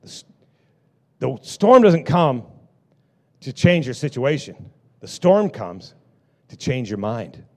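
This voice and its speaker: A middle-aged male pastor preaching a sermon, swinging between loud bursts and hushed lines. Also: medium pitch, sing-song, takes it slowly, long pauses.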